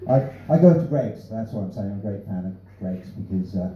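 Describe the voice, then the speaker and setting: A man's voice: fairly low pitch, animated, brisk. A man doing a stand-up set of new material, delivering dry punning one-liners with offhand asides from a small club stage. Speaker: stand-up comedian. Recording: echoey room, distant, slightly dull.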